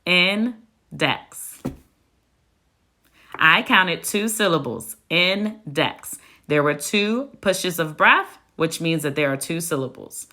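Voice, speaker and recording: A woman teacher giving a phonics spelling lesson, speaking slowly and deliberately and spelling words out letter by letter. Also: lowish voice, lively intonation, bright, forceful tone. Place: classroom.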